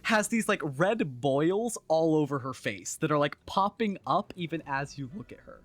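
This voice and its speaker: A man narrating as game master of a tabletop game, casual and animated with frequent fillers. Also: on the high side, moderate pace.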